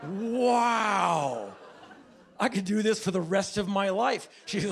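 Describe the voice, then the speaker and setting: A man in his fifties telling a stand-up story on stage, with a deadpan, politely mock-formal delivery. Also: sits high, measured pace, background noise. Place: stage before a laughing audience.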